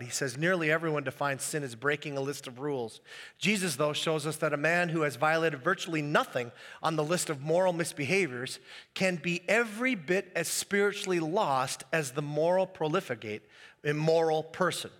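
Male pastor, high bright voice, animated sermon, echoey church hall. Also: normal speed. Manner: animated, acts out quoted voices.

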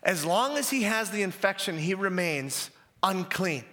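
A male pastor preaching a sermon, animated and emphatic, often repeating key phrases. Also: high voice, a little slow, in a large hall.

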